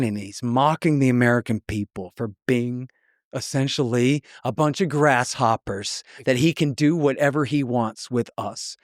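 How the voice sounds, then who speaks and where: Sardonic male guest, mid-pitched, dry studio sound, animated storyteller. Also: dry recording. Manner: blunt, sarcastic, animated storytelling with mocking quoted voices. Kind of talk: podcast interview conversation.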